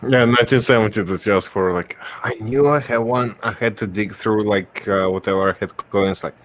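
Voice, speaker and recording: A man from Wisconsin hosting a casual stream chat, often pausing mid-sentence to find his words. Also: on the low side, slight background noise. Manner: halting, stops often to search for words. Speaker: stream host.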